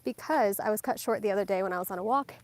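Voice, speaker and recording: A woman's voice: medium pitch, very fast. A young woman chatting casually while walking her dog outdoors, a little out of breath, filming on her phone. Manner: chatty, distracted, laughing often, slightly out of breath. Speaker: lifestyle vlogger. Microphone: handheld phone.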